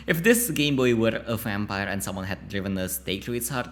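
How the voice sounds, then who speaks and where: A man's voice: on the low side, animated, a little fast, few pauses. A man reading a narrative game's text aloud, often stumbling over words and breaking off into chatty asides to himself. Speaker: YouTuber playing a narrative game.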